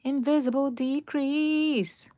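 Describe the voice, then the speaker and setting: A woman's voice: high voice, steady tone, takes it slowly, warm tone, dry recording. A middle-aged woman, hosting a casual crochet livestream, counting stitches and chatting with viewers by name. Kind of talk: casual livestream tutorial chat.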